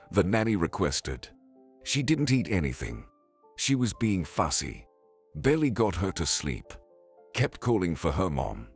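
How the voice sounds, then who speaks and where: A man narrating a dramatic story in a scripted, expressive way. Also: deep voice, normal speed, slightly rough. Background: faint music.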